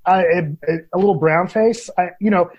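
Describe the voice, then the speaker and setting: Husky man ranting about a film. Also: high voice, a little fast, muffled recording. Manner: animated, opinionated ranting. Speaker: guest film critic. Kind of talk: casual podcast chat.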